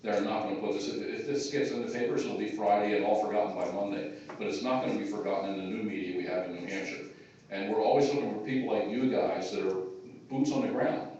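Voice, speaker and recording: A man's voice: lowish voice, quick pace, a little mellow, muffled recording, a little hiss or hum. A man giving an informal, rambling speech to a gathering, with many filler words. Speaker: chairman of a taxpayers' group giving a speech. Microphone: phone in the audience. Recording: echoey hall captured from far off on a phone.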